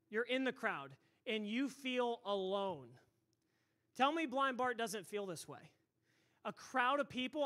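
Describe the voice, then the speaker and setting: A pastor preaching a sermon into a microphone in a church, loud and emphatic, repeating words and breaking into shouts. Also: male voice, high-pitched. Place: church sanctuary. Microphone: handheld or stage microphone.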